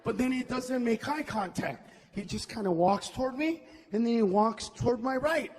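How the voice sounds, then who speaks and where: A man doing a loud stand-up comedy set on stage, shouting his punchlines and slipping Spanish words into his English. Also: very high-pitched, normal speed, big-room sound. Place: comedy stage before a live audience.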